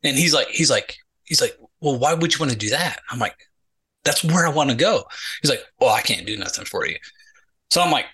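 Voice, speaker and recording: A man's voice: medium pitch, a little fast, husky, rough recording. A middle-aged man, a retired Army sergeant guest on a podcast, telling a story casually and acting out the people in it. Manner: animated storyteller acting out quoted dialogue, many repeated "he's like".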